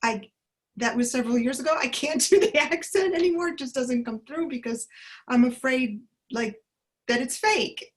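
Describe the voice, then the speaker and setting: A woman's voice: high voice, normal speed, rough recording. A woman asking her teacher a question in an online group, speaking hesitantly with many fillers. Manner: hesitant, self-conscious. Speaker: student medium.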